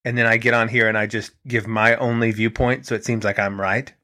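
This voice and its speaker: A man's voice: fairly low pitch, fairly quick. A man hosting a podcast, talking in a rambling, conspiratorial monologue with many restarts and quoted voices. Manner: rambling, restarts, animated quoting of others. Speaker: podcast host.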